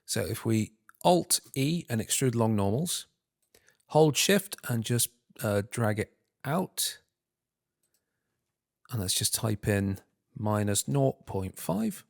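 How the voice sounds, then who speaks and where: Low-voiced man muttering through a tutorial. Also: creaky, no room sound, studio quality. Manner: muttering to himself, humming filler syllables while working; self-deprecating, talking through steps. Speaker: tutorial host. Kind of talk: screen-recorded software tutorial.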